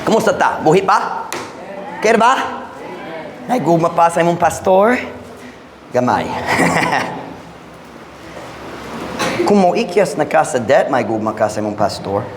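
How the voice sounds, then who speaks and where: A man's voice: on the high side, lively intonation, moderate pace, pauses often. A man preaching a sermon as pastor, speaking emphatically and quizzing the congregation with direct questions. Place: church hall. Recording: echoey church hall with long reverb, faint noise.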